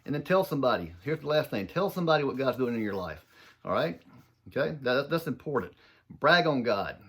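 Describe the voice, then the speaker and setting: Country guy from mississippi, thick southern accent, fast and kinda mumbly, earnest christian talk. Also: medium pitch, very animated, fairly bright tone, slightly rough. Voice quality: fast, loosely enunciated, repeats words. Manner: earnest, folksy, addresses listeners as y'all. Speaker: Christian speaker. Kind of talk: informal faith talk.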